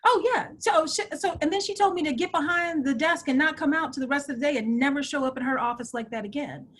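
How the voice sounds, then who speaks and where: A middle-aged woman telling her life story as an interview guest, animated and laughing often. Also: high voice, fast.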